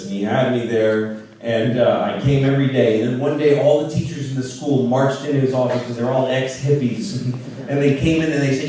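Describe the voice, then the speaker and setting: A man in his forties doing stand-up, telling a story and acting out voices, swinging from low mutters to shouts. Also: very animated, moderate pace. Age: 40s. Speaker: stand-up comedian. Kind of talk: stand-up comedy. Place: large live venue. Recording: echoey live venue, distant mic, loud crowd. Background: laughing audience.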